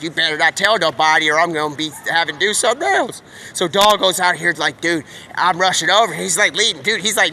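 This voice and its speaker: A man livestreaming, talking in a rambling, slangy, excitable stream of thought. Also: high-pitched, a little hiss or hum. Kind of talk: rambling live-stream monologue.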